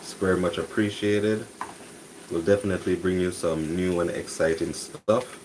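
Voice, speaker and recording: A man hosting a live cooking stream, talking softly and casually to viewers while he cooks breakfast. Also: low voice, moderate pace, background noise. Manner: talks softly, relaxed and chatty. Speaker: cooking channel host. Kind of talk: soft-spoken live cooking stream chat. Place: home kitchen with cooking noise behind.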